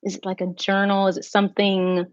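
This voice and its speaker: A chatty woman hosts a home livestream, musing out loud to her viewers with plenty of ums and side tangents. Her voice sits at a middle pitch. The sound is dry and a little dull. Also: monotone, a little fast, no room sound. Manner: chatty, thinking aloud with fillers and asides. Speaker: livestream host. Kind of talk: casual chat with viewers.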